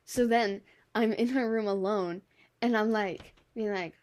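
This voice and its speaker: A woman's voice: mid-range voice, measured pace, a little mellow. A young woman co-hosting a casual chat, telling a childhood memory in a laid-back, swearing way. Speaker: co-host.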